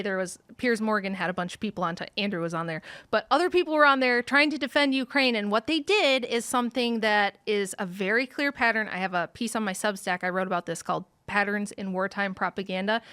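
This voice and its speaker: A woman's voice: a little high, a bit bright, clean tone, no echo. Conversational woman, close dry mic. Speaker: podcast guest commentator. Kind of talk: casual political talk show chat.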